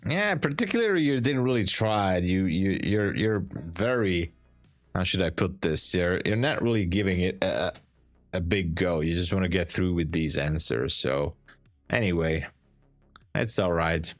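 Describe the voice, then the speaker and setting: Deep-voiced hesitant male day trader. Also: lively intonation, measured pace, faint music behind. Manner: hesitant, restarts often, dry teasing. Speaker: day trader streaming live. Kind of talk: casual live-stream chat.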